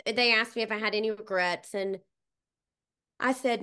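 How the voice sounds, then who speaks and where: A woman in her forties talks at a middle pitch as a guest on a casual interview. She is candid and chatty, pokes fun at herself, and tells her stories without holding back. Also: steady tone, normal speed, long pauses, bright, forceful tone, clean tone. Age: 40s. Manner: blunt, self-mocking, chatty. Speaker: guest florist.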